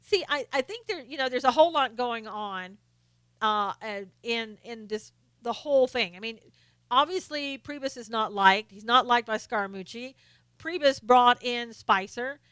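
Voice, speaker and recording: A woman hosts a political commentary live stream and gives blunt, scolding opinions point by point. Her voice is higher than most, bright and forceful, with a smooth, crisp clarity. The recording is dry, with no room sound. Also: moderate pace, no echo. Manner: blunt and opinionated, answers viewer comments by name; scolding, lists points one by one.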